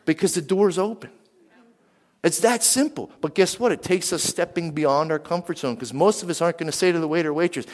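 A man from western Pennsylvania preaching a sermon, lively, and he keeps asking the crowd questions. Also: on the high side, fairly quick. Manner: animated, asks the crowd questions. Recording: long hall reverb.

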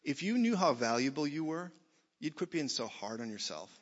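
A man preaching a sermon in a church, blunt and jokey, swinging from loud to soft. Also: fairly high pitch, sing-song, moderate pace. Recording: dull sound in a reverberant hall.

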